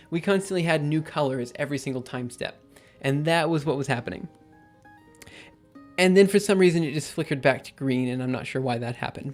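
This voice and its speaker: A young man talks through his code on a live stream, full of ums and quick self-corrections. His voice sits a little high and sounds a bit worn, as if he is losing it. Faint music plays under the clatter of keyboard typing. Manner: thinks aloud with many fillers and self-corrections. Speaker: livestreaming programmer. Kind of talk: casual live coding commentary.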